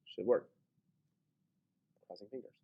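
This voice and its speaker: A man gives a relaxed grammar lesson over a screen recording, reasoning out loud and working through his own errors. He speaks at a measured pace, and the audio is dull.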